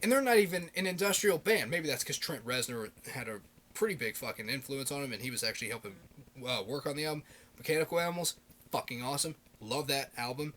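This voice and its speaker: A man in his thirties rambling excitedly in a casual video blog, swearing constantly and piling up fillers. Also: mid-range voice, quick pace. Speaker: video blogger.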